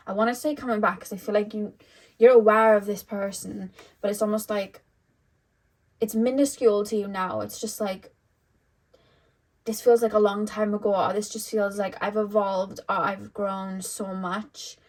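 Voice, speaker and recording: A woman's voice: medium pitch, steady tone, moderate pace, darkish tone, rough recording. A young woman doing a casual tarot reading, chatty, with many fillers. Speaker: tarot reader.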